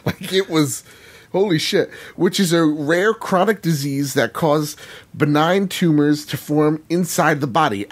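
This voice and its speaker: Husky, earnest podcast co-host. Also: male voice, on the high side, unhurried. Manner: earnest, swears freely, many "like"s. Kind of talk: casual gaming podcast chat.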